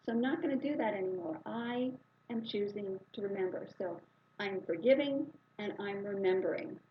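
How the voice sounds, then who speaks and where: Woman voicing a naive, eager young guy; bright-eyed and excitable, slightly dull sound. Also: medium pitch, moderate pace, far from the mic, a little hiss or hum, close to an everyday voice. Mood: earnest. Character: naive young man who loves cats. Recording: slightly dull, muffled recording.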